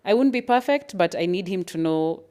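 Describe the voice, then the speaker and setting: A woman talks candidly about being a parent. Her voice sits on the lower side, and she slips into lively acted-out moments along the way. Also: normal speed. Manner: frank, animated, acts out little scenes with laughs. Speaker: parent sharing at a parents' event. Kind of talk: candid reflective talk.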